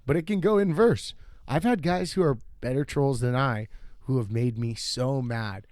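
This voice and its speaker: Young man, podcast co-host, laughing and mimicking voices, mid pitch. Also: moderate pace, darkish tone, no room sound, studio quality. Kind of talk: casual chat. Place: green room.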